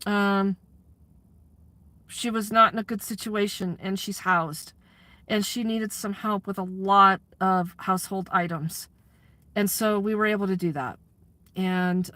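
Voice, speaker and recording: A woman who livestreams and organizes community aid chats candidly with her live audience in a mid-range, slightly bright voice with no echo. She laughs often and swears freely.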